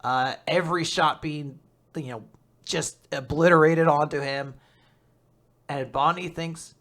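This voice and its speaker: A podcast host casually recapping a manga chapter, animated and swearing freely. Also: mid-range voice, measured pace, long pauses.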